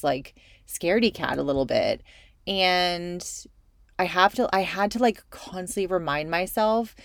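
A woman's voice: fairly low pitch, no echo, studio quality. Chatty, frank woman podcaster. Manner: chatty, rambling, frank and emphatic. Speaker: podcast host. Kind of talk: solo podcast monologue.

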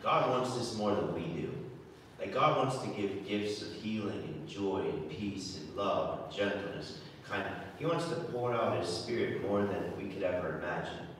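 A man's voice: low voice, moderate pace, a bit bright, a little hiss or hum. A man giving a homily, talking conversationally and often repeating words as he restarts. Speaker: preacher. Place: church. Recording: echoey church from far off.

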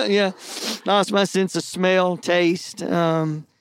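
A man's voice: high voice, fairly even intonation, drawn-out words, clean tone, no room sound. A man preaching, telling a personal testimony earnestly with self-deprecating jokes. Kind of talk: sermon testimony storytelling.

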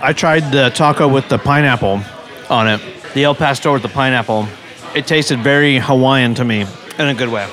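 A man's voice: medium pitch, normal speed, a bit bright. An enthusiastic man reacts to tacos in short bursts. He recorded outdoors in a town. He talks casually with his friends. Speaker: regular on a food review show. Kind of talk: casual food-tasting chat.

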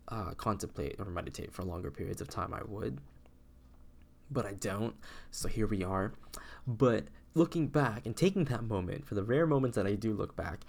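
Gravelly sick man rambling on a podcast. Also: medium pitch. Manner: meandering, self-interrupting, with frequent restarts. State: sick, voice lower than usual. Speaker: podcast host. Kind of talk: rambling solo podcast monologue.

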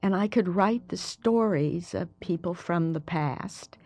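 An older woman from Alabama with a Southern accent, a history professor telling wry, lively stories in an interview. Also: lowish voice, measured pace, no room sound. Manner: lively, wry, animated storytelling. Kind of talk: interview, storytelling.

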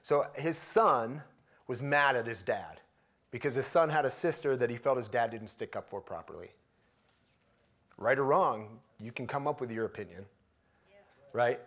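A man preaching a sermon in a conversational way, turning animated and loud when he retells scenes. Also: mid-range voice, normal speed, pauses often.

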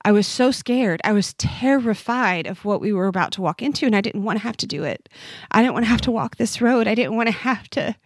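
Speaking a little fast in an expressive mid-range voice, this podcast guest, a woman in her forties, recounts something personal from her own life. She is heartfelt and sincere, frequently halting and beginning again. The sound is clean studio audio without echo.

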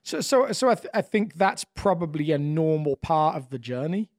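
A man's voice: fairly high pitch, big pitch swings, normal speed, no echo, clean studio sound. A man co-hosting a podcast in casual conversation, thoughtful and often repeating words as he starts his sentences.

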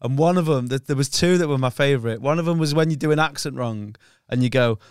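A man's voice: mid-range voice, fast, clear, resonant tone, dry recording, studio quality. A man, a stand-up comedian, telling stories in a casual chat, laughing often and swearing.

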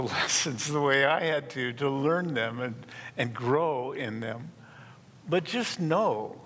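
A man preaching a sermon in earnest, stressing key words slowly and emphatically. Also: a little high, a bit bright. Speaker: pastor. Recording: reverberant hall, faint room noise.

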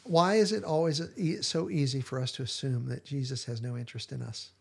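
A man's voice: medium pitch, steady tone, a little fast, vocal fry, slightly rough. A man hosting a podcast, retelling scenes in casual chat and acting out the quoted lines with animation. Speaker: podcast host.

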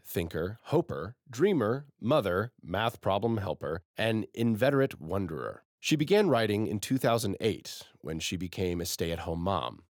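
A man's voice: sits low, no echo, clean studio sound. A man hosting a radio show and introducing the next guest.

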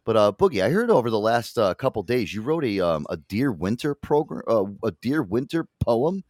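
A man's voice: mid-range voice, moderate pace, no room sound, clean studio sound. A man hosting a casual podcast chat, rambling and swearing freely. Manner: rambling, swears often, animated. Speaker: podcast host.

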